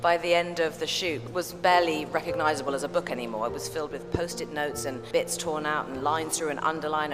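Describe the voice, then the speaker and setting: Low-voiced actress with music and reverb. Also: female voice. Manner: thoughtful, growing more enthusiastic. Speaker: actress interviewed about her career. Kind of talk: casual interview. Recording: long reverb with music behind.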